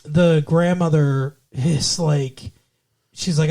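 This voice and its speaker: A man's voice: on the high side, slow pace, darkish tone. A man co-hosting a podcast, chatting casually as he recaps a TV episode, rambling with restarts and acting out quotes. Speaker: podcast co-host.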